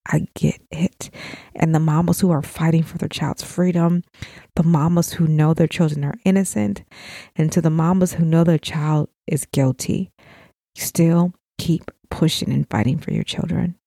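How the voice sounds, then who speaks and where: A middle-aged woman hosting a podcast, talking with deep feeling and speaking straight to other mothers in casual, heartfelt chat. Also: steady tone, normal speed, vocal fry, mellow, dry recording, clean studio sound. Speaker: podcast host. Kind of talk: heartfelt casual talk to listeners.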